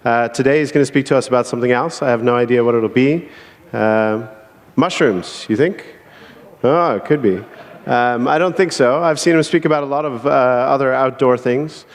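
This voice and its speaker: A man's voice: medium pitch, moderate pace. Guy hosting a talk event, jokey and laid back, echoey hall. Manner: joking, easygoing, with fillers. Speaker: event host introducing speakers.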